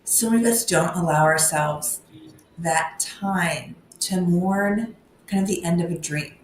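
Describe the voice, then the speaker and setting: A woman's voice: fairly low pitch, unhurried, slight background noise. A woman podcast host, affirming and thoughtful, reflecting on what her guest shared. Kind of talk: reflective interview talk. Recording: echoey room, faint ambience.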